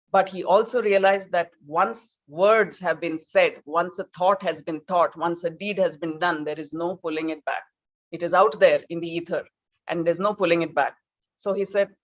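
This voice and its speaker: A woman giving an animated storytelling talk, acting out characters. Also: on the low side, moderate pace, lo-fi sound. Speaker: speaker.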